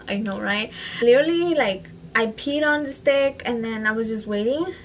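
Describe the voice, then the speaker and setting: Chatty young woman, slightly high voice. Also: normal speed, slight background noise, poor audio. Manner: chatty, fills speech with "like" and "you know"; switches into Spanish phrases. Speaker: vlogger. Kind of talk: casual storytelling to camera.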